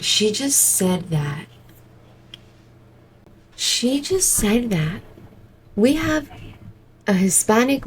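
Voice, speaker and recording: A woman's voice: medium pitch, breathy edge, low-quality recording. Indignant woman ranting over a clip. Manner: indignant, exasperated. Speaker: vlogger reacting to a protest video. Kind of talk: casual reaction commentary. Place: indoors at home.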